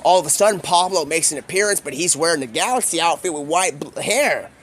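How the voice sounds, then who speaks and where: A male streamer spins a long improvised tale in loose, slangy speech, jumping between voices for the people he quotes. His voice sits a bit on the high side for a man. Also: animated, a bit bright, a little hiss or hum. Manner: rambling, drawling slang, quick voice switches for quoted characters. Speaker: streamer telling a made-up story. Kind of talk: rambling improvised storytelling. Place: home streaming setup.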